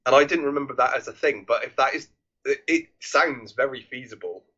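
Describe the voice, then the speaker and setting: A man's voice: mid-range voice, fairly quick, pushed and bright, muffled recording. A man co-hosting a casual film review podcast, rambling with many restarts and swearing freely. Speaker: podcast co-host.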